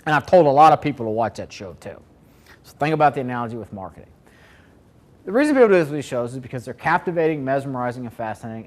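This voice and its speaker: Man presenting a seminar to a live audience. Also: medium pitch. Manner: conversational, asks the audience questions.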